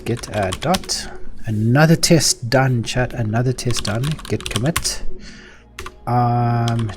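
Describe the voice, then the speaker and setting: A South African man talks his way through a coding session on a live stream, reading commands aloud as he types and tossing remarks to his chat. He speaks slowly, in a mid-range voice. Music plays behind him while his keyboard clacks. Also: mid-range voice. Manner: mutters commands aloud while he types, chats with viewers, swears freely. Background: background music and keyboard typing.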